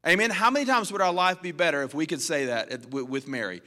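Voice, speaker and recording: A man preaching a sermon as a pastor, telling stories animatedly and swinging between loud and quiet. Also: a little high, quick pace, in a large hall.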